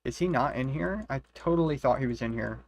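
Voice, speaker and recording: A man's voice: mid-range voice, animated, a little fast, vocal fry, darkish tone. A man casually commenting on a game he is playing, swearing freely and reading the quest guide aloud. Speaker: game streamer. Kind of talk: casual let's-play commentary.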